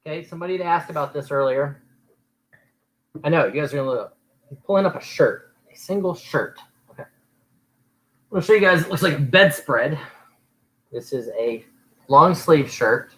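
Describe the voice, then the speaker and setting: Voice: medium pitch, lively intonation, normal speed, pauses often, rough recording. A co-host presenting items for sale in a live auction, speaking casually. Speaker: seller and co-host. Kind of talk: live auction selling chat.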